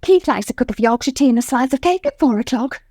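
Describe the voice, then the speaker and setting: A fussy, excitable wife. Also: female voice, sits high, fast, no echo, clean studio sound. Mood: fussing. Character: fretful, scheming middle-aged wife. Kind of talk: radio sitcom acting.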